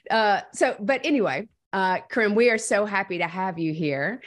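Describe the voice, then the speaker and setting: A woman hosting a casual podcast chat, bubbly and quick to laugh as she banters with her co-host. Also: medium pitch.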